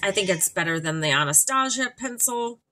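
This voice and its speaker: A woman's voice: mid-range voice, animated, fairly quick, sharp tone, slight background noise. A woman hosting a casual makeup vlog, talking candidly and chattily with frequent ums. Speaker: makeup vlogger.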